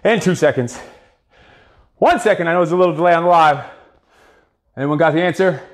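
A man's voice: on the high side, fairly quick. A man coaching a live boxing cardio workout, counting reps and giving profane pep talks.

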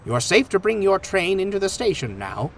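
A man's voice: sits high, very animated, normal speed, a little hiss or hum, voice pushed up. A man doing a grave station master. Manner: grave, formal. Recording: music playing underneath.

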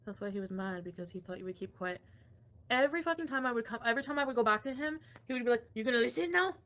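Young woman streamer, fairly high voice, profane, ranting, laughs a lot, casual chat. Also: rapid-fire, a bit bright. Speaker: livestream host. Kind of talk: casual livestream chat reading comments.

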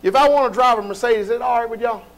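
Pastor, male, high voice, preaching a casual sermon full of rhetorical questions and bursts of shouting. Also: racing, creaky. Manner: colloquial, folksy delivery.

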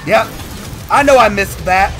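A man's voice: high voice, measured pace, sharp tone, faint music behind. A man hosting a let's-play, trash-talking and whooping at enemies. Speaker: gaming video host.

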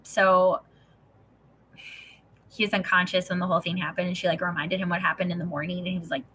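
A woman's voice: fairly low pitch, level tone, fairly quick, pushed and bright, slight background noise. A woman in her thirties telling a personal story in a chatty way, full of "like", swearing and acted-out quotes, then reading from a book. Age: 30s. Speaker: host reading and discussing a self-help book.

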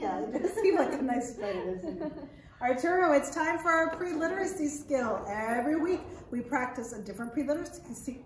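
A young woman librarian leading a children's storytime, gently and patiently explaining things to parents. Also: sits high, slight background noise. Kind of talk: bilingual storytime. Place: library room. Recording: echoey room, mic at a distance.

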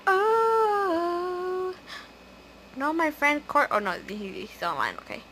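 A woman giving casual, excitable let's-play commentary as she plays, chatty and prone to gasps and squeals. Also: very high-pitched, slow, very noisy. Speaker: gaming video host.

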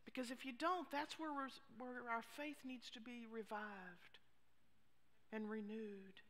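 A woman pastor preaching a sermon, expressive, with hushed asides. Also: fairly high pitch, measured pace. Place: church sanctuary. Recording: long reverb of a church hall.

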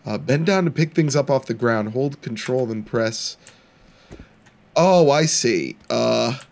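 A man's voice: medium pitch, slow pace, creaky, a little mellow. A young man giving playful let's-play commentary, laughing often and mock-taunting the characters in the game. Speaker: gaming channel host.

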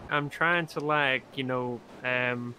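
A man role-playing a sheriff's deputy in a game, talking in a hesitant, halting way. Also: medium pitch, steady tone, pushed and bright, a little hiss or hum. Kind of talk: in-character game role-play.

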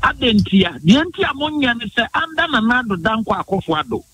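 A man's voice: very high-pitched, big pitch swings, pushed and bright, a little hiss or hum, rough recording. A man from Ghana's Bono region with a Ghanaian accent, a guest on a radio morning show, arguing politics emphatically and mixing in English phrases. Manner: emphatic, rapid-fire, mixes in English phrases. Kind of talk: heated political argument on radio.

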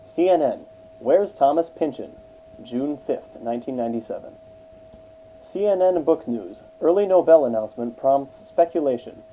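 A man reading an encyclopedia article aloud in a measured, even way. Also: medium pitch, slight background noise, poor audio. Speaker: narrator.

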